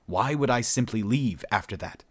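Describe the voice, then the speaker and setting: A man voicing a hot-tempered alien male starship commander who snarls orders and shouts in rage. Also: fairly low pitch, animated, moderate pace, no echo. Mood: cold.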